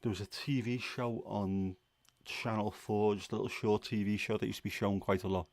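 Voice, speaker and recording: A man's voice: fairly low pitch, fairly even intonation, normal speed, darkish tone, no room sound. A man hosting a casual livestream chat, rambling and musing with plenty of fillers and restarts. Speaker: livestream host.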